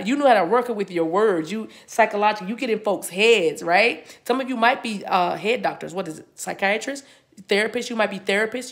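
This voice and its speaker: A tarot reader with a mid-range voice gives her viewers a chatty spiritual reading. She keeps it casual and playful, laughing often and slipping into bits of song.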